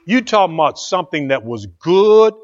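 A man preaching a fervent sermon as pastor, swinging from hushed asides to loud exclamations. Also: a little high, big pitch swings, moderate pace, lo-fi sound, slight background noise.

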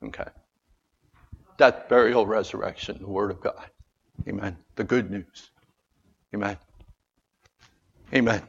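A husky, low-pitched man preaches a sermon, unhurried and deliberate in his delivery. He swings from loud, raised calls to quiet, earnest asides and keeps asking the congregation for an amen. The sound is dull and lo-fi. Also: fairly even intonation.

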